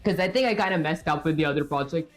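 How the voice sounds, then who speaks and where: A woman with a low-pitched voice talks at a quick pace while she codes live for her viewers. Her commentary is casual and chatty, full of rambling, filler words, and self-talk as she reaches for what to say. Soft music runs behind her, and she's using a webcam streaming setup.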